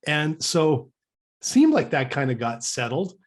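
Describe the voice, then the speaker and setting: A fairly high-pitched male voice moves at a measured pace. The speaker, a podcast co-host from Canada, tells a story in a casual, animated way, performing the quoted dialogue amid frequent restarts and stammered repetitions.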